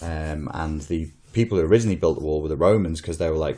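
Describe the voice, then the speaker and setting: A Northern English man hosts a casual podcast chat in a very deep voice. He talks in long, opinionated runs, swearing freely as he goes. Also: a little fast. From Northern England. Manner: animated, swearing, opinionated and rambling. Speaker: podcast host.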